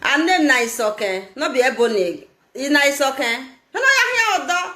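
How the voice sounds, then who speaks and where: A Nigerian woman streaming a live vlog, talking in an animated, scolding way and laughing often. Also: high-pitched, moderate pace, echoey room. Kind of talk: casual live-stream commentary.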